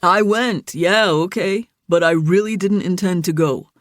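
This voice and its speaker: Lady doing a big goofy guy, lowish voice, wry jokes. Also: unhurried, no room sound, clean studio sound, close to an everyday voice. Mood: defensive. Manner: joking, reassuring. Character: big easygoing young man, wry and excited.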